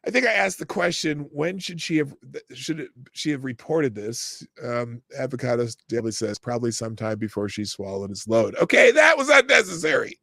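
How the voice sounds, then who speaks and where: A middle-aged man hosting a live-stream news commentary show, reading stories and chat with sarcasm and breaking into shouted rants. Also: mid-range voice, lively intonation, moderate pace, vocal fry, few pauses, no echo, clean studio sound.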